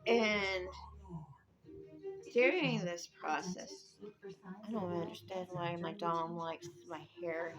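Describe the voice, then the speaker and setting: A woman's voice: lowish voice, measured pace, long pauses, poor audio. A woman telling an old legend in a casual, rambling way, drifting off on tangents. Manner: rambling, conversational, drifts off track. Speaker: storyteller. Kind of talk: casual spoken storytelling.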